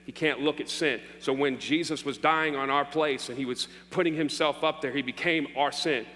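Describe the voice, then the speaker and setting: A man's voice: fairly high pitch, steady tone, normal speed, sharp tone. A man preaching a sermon as pastor, joking playfully with his congregation. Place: church hall. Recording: long hall reverb, faint hum.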